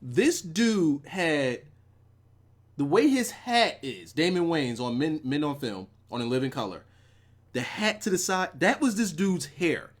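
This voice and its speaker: A man's voice: a little high, very animated, unhurried. A man hosting a live stream who reviews wrestling shows and tells a rambling, profane story, talking casually with his chat.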